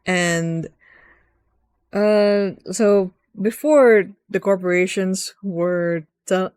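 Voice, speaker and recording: A woman's voice: mid-range voice, fairly even intonation, very slow, a little mellow, clear, resonant tone, dry recording, clean studio sound. Chatty woman rambling through a game recap. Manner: rambling, chatty, acts out quoted lines. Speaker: gaming video host.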